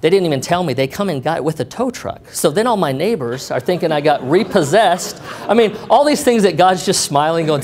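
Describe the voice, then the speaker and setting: A middle-aged man with a slightly higher voice tells a personal story to a live audience. His delivery is animated, and he acts out each person in the story with a voice of their own. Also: fairly quick, few pauses. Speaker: speaker sharing a testimony.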